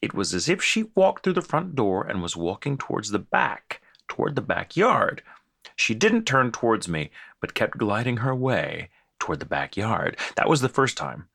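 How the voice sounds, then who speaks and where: A man's voice: lowish voice, moderate pace, vocal fry, husky, dry recording, studio quality. A man co-hosting a casual podcast, reading listener ghost stories aloud with frequent laughs and stumbles. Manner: animated, laughs often, stumbles while reading.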